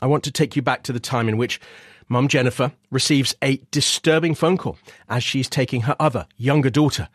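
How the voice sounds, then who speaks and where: A man hosting a documentary, presenting from a script in a measured way. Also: medium pitch, no echo, studio quality. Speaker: documentary host.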